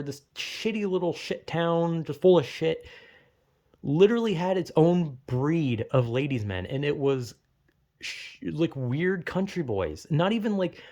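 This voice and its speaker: A man's voice: mid-range voice, a little mellow. A young man telling a rambling, profane, self-mocking comedic story.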